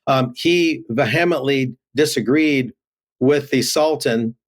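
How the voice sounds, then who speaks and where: A man's voice: medium pitch, takes it slowly. A man giving remote news commentary, reading headlines aloud with many fillers and restarts.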